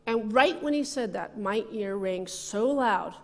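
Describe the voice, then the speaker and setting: A woman's voice: medium pitch, animated, a little slow, darkish tone. A woman minister giving a sermon, telling personal stories with frequent laughter and conversational asides. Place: church sanctuary. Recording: long reverb of a church hall.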